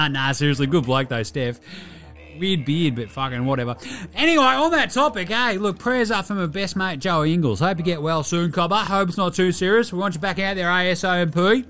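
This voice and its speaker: Brief: a man playing a young bogan Aussie hoops player, broad accent, sweary rambling, pitched up high. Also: expressive, brisk, sharp tone. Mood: cheeky rambling. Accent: broad Australian. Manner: rambling, swearing, slangy, cheeky. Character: crude laid-back young male Aussie basketballer.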